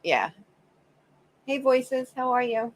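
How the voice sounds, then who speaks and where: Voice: high-pitched, very animated, slow, low-quality recording. A co-host on a true crime livestream, agreeing with the other host and greeting viewers in chat by name.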